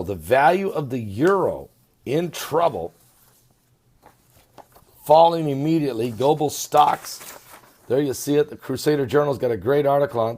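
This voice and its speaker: A man giving an animated, sarcastic video commentary, swinging between loud emphasis and muttering. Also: mid-range voice. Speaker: online commentator.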